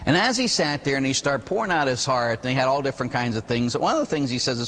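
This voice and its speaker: Brief: male Catholic priest, lively sermon voice, husky, long reverb. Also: medium pitch, quick pace, few pauses. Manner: animated, storytelling preacher with rhetorical questions.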